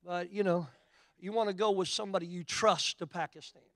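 A middle-aged man from Oklahoma with an Oklahoma accent, preaching a sermon and telling a story, shifting from quiet asides to loud, emphatic preaching. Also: sits high, steady tone, fairly quick, no room sound. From Oklahoma, USA.

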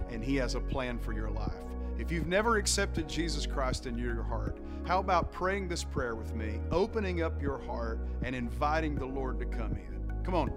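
A male pastor speaking softly and gently as he closes his podcast with an invitation to prayer. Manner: soft, low and gentle.

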